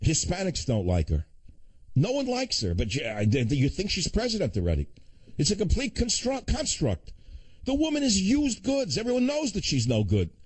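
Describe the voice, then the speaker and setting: An older man hosting a talk radio show, ranting fast with sarcastic asides. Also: fairly high pitch, wildly swooping pitch, darkish tone, breathy edge, no room sound.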